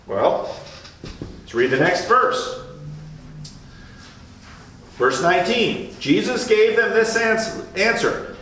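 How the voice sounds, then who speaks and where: A man preaches loosely and playfully, slipping into voices for the people he quotes. His voice sits high and he takes his time. He is heard from a distance in a strongly echoing church. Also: a little slow, long pauses, a little hiss or hum. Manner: animated, joking, acts out voices in quotes. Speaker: pastor. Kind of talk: informal sermon. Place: church sanctuary. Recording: distant mic in a very echoey room.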